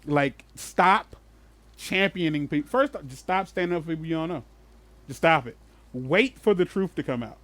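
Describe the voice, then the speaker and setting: Podcast co-host, male, high-pitched, dry close mic, lively profane storyteller. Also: normal speed, no echo. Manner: animated storyteller, swears freely, bursts into laughter. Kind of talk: casual chat.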